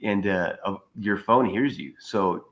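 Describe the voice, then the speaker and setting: A man's voice: lowish voice, unhurried, low-quality recording. A man calling in remotely to a casual chat, rambling through stories with lots of fillers. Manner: rambling, filler-heavy storytelling. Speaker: guest caller.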